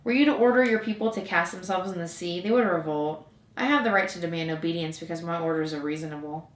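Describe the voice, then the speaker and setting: A woman's voice: on the low side, quick pace, natural voice. Woman doing a pompous old king, commanding, majestic, kindly, storybook. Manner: grand, decreeing, majestic. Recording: roomy echo.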